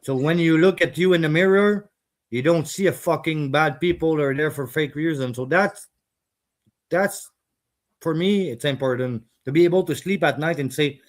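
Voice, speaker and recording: Heated profane trucker, somewhat high voice. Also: male voice, moderate pace. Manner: heated, profane, non-native grammar. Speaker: truck driver. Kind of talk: casual chat.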